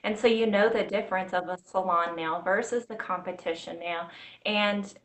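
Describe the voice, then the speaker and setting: A woman's voice: on the low side, fairly even intonation, moderate pace, fairly bright tone. A woman hosting an interview over a video call, asking long run-on questions in an encouraging way. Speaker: host.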